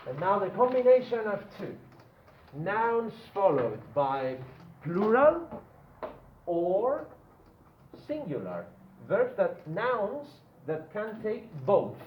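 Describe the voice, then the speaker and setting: A man's voice: high voice, very animated, slight background noise. A male English teacher paces through pronunciation drills, saying each word again and again and checking in with "yeah?". His voice comes through a tinny, phone-like line. The room around him is echoey. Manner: repeats words slowly for pronunciation drills, often asks "yeah?". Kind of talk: online grammar lesson.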